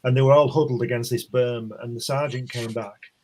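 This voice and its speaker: A man's voice: mid-range voice, steady tone, fairly quick, darkish tone. Rambling older-style storyteller man. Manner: rambling, restarts, chuckles while telling. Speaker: comic artist guest. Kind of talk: casual storytelling chat. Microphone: online stream call.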